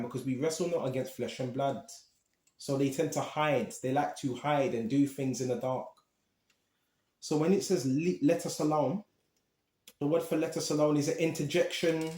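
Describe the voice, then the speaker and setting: A man preaching a Bible teaching, animated and emphatic, talking straight to his listeners. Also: fairly high pitch, reverberant.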